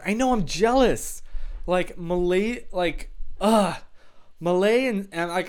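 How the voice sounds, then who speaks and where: A man's voice: on the high side, clean tone. A young man live streaming from his room, chatting casually with his viewers in a rambling, self-deprecating way and laughing often. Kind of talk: casual chat with live chat readers.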